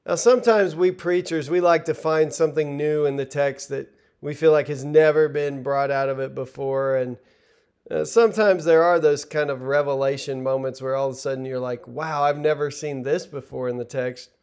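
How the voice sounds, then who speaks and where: A man's voice: a little high, steady tone, moderate pace, darkish tone, smooth. A middle-aged man preaching a sermon in an earnest, conversational way, retelling the text and stumbling over restarts now and then.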